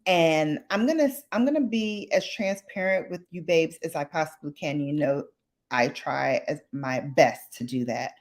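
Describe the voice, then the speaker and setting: A woman's voice: deep voice, normal speed. A middle-aged woman hosting a late-night livestream chat, speaking emotionally and close to tears, repeating phrases for emphasis. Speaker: livestream host.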